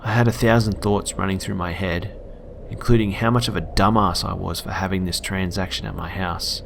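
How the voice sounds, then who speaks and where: A young Australian man narrating a scary true story for his channel in a steady, earnest manner. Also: deep voice, moderate pace, vocal fry, a little hiss or hum. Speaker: YouTube storyteller. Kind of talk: reading a scary story aloud.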